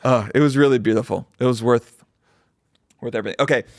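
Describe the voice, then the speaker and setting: A man's voice: mid-range voice, fast, dry recording, studio quality. A man co-hosting a podcast, telling stories animatedly with swearing and impressions. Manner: animated storyteller, swears, mimics people he overheard. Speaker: podcast co-host. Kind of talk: casual chat.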